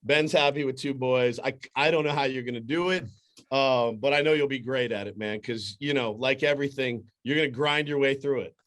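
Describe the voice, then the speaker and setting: A man who hosts sports radio, guesting on a podcast and telling stories animatedly, with quick bursts and restarts. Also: mid-range voice, fairly bright tone. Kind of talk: casual conversation, storytelling.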